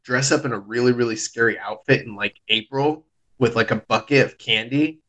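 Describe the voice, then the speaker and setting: A man's voice: mid-range voice, fairly quick, fairly bright tone, rough recording. Rambling man telling stories. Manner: rambling storyteller, swears freely. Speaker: podcast host. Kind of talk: casual podcast chat.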